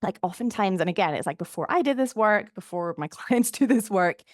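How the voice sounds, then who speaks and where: Female podcast host and coach, casual and upbeat, mid pitch, dry studio sound. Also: lively intonation, a little fast, dry recording. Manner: chatty, encouraging, many "like" fillers. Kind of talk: casual solo podcast monologue.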